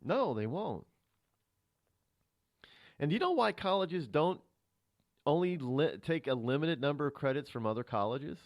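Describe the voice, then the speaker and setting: A man's voice: fairly high pitch, big pitch swings, measured pace, pauses often, dry recording, clean studio sound. A man hosting a talk radio show, lecturing his listeners and asking them rhetorical questions. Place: radio studio. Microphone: studio microphone.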